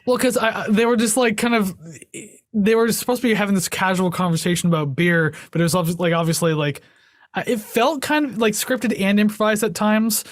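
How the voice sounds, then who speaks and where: Rambling young man, higher voice, dry sound. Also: a little fast, no room sound. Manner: rambling, filler-heavy, laughs often. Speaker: podcast co-host. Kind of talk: casual chat.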